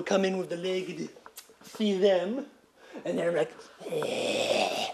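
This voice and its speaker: A man telling a rambling comic story as a stand-up comedian, excitable and profane, often laughing at his own bits. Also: high-pitched, a little hiss or hum.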